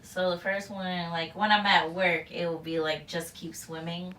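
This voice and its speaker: A woman co-hosting a podcast who asks the questions and shares stories in a relaxed, casual way, laughing softly. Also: fairly low pitch, moderate pace. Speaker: podcast co-host asking the questions. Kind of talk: casual chat. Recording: roomy echo, distant mic, faint noise.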